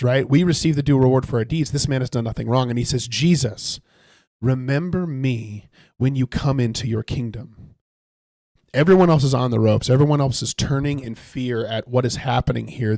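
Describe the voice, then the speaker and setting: A man's voice: mid-range voice, creaky, a little mellow, no echo. A man casually leading a Bible study on a live stream while he plays a game, reading scripture aloud and musing over it in a conversational way.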